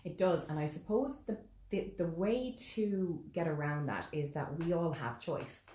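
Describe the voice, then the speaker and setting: A woman in casual chat as co-host, talking in a calm, measured, reflective way. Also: on the low side, slight background noise. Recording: echoey room.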